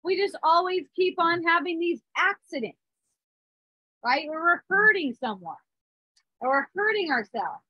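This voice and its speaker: A woman's voice: extremely high pitch, big pitch swings, measured pace, long pauses, no echo, muffled recording. A woman in her thirties giving a spiritual talk, earnest, with small restarts and frequent check-ins. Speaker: spiritual teacher. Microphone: phone or device mic.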